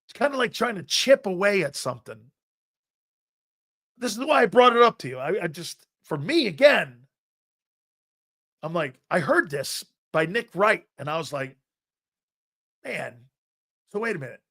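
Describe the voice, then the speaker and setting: Sports talk host, man, fairly high, bright and forceful voice, emphatic and argumentative, loops back on his phrases. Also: big pitch swings, normal speed, pauses often. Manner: emphatic, argumentative, repeats himself while building a point. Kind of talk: opinionated sports talk on a live stream.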